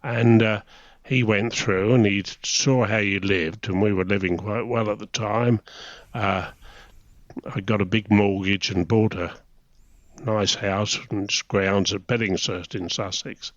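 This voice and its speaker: A man's voice: lowish voice, steady tone, unhurried, dry recording. A man in his eighties from England, a retired naval officer telling chatty anecdotes in an interview, often chuckling. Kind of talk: casual reminiscing interview. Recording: dry, slightly dull recording.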